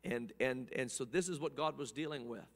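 A man preaching a sermon, swinging between hushed passages and loud, impassioned ones, often repeating words as he builds. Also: medium pitch, a little fast, long reverb tail.

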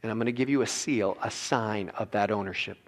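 A man preaching a sermon as a pastor, animated and acting out characters in his telling. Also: fairly low pitch, brisk. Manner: animated, acts out biblical characters with voices. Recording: reverberant hall.

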